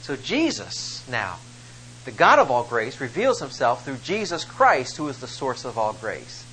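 A man's voice: medium pitch, big pitch swings, unhurried, a bit bright, slight background noise, low-quality recording. A man preaching a sermon, reading scripture and explaining it with rising emphasis on key phrases. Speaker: pastor.

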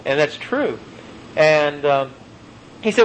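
A man preaching with a fairly high voice, pressing hard on his key phrases and letting them sink slow and low. He weaves folksy personal stories into the sermon, and a faint hum of noise sits underneath. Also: animated, poor audio. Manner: emphatic, slows and drops low on key phrases, folksy anecdotes.

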